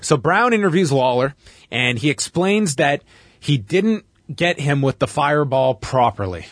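A man's voice: a little high, unhurried, dry recording, clean studio sound. A Canadian man hosting a podcast, animatedly recapping events in casual chat and laughing along. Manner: animated storyteller who laughs while recapping. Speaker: podcast host.

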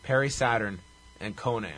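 A man's voice: mid-range voice, moderate pace, fairly bright tone. A man co-hosting a casual podcast, wryly recapping a wrestling movie with profanity and laughter. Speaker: podcast co-host.

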